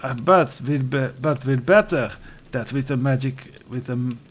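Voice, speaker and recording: A man voicing a proud older high priest who speaks solemnly and formally, with a rasp in his voice. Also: moderate pace, lightly acted. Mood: apologetic.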